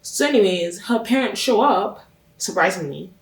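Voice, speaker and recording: A woman's voice: mid-range voice, animated, normal speed. A woman hosting her own channel, recapping a TV series in a chatty, gossipy way and stressing her points by repeating them. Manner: chatty, gossipy, emphatic with repetitions. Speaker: reaction channel host. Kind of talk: casual TV recap commentary. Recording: roomy sound from a distance off the mic.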